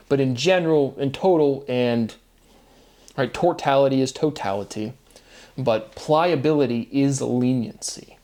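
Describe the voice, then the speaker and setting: A man of medium pitch talks alone in a rambling, free-associating monologue. He strings words together by sound, poses rhetorical questions, and keeps checking in with a quick "right?". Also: dark tone. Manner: musing, free-associating wordplay, asks himself rhetorical questions; often tags lines with "right?" and chuckles at himself. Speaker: solo video monologue host.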